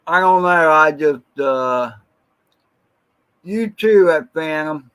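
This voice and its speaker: Man, livestream host, slow unhurried rambler, reminiscing and answering chat. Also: a little high, lively intonation, a bit bright, smooth, poor audio. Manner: greets viewers from the chat by name. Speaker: drone channel livestream host. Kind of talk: casual livestream chat with viewers.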